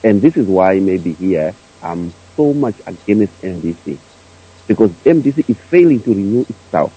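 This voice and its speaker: A man's voice: sits low, sing-song, moderate pace, dark tone, slightly rough, highs cut off. A man calling in to a radio talk show, speaking hesitantly with many fillers and restarts. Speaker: caller. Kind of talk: phone-in commentary.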